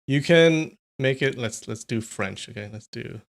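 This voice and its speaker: A man's voice: mid-range voice, a little slow, vocal fry. A man hosting a casual livestream, chatty and thinking aloud, laughing often. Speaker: streamer.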